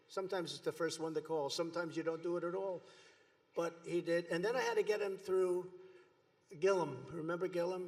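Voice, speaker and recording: Boastful older man with a high voice. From United States. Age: 70s. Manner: boastful, mocking, digressive. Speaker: political speaker at a rally. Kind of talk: rambling rally speech. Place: large rally venue before a crowd. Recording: long reverb of a big rally hall.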